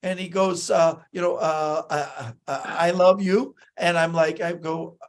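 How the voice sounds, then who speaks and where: Male guest-host, high voice, lively anecdotal storyteller who acts out dialogue. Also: measured pace. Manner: animated storyteller, acts out quoted lines, many fillers and restarts. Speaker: magician telling stories on a talk show. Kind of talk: casual anecdotal chat.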